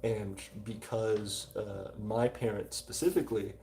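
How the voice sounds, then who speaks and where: Mellow, hesitant young man hosting a stream. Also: fairly low pitch, fairly even intonation, vocal fry, a little hiss or hum. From South Louisiana, USA. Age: 20s. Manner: hesitant, frequent filler pauses while reading chat. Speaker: livestream co-host. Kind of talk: casual livestream chat.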